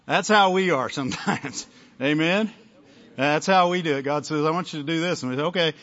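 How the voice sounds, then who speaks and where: A male pastor with a fairly high voice delivers a chatty sermon. He checks in with his listeners again and again. The recording sounds dull and lo-fi. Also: a little fast, fairly bright tone. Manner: conversational preaching, frequent "amen?" and "right?" to the congregation.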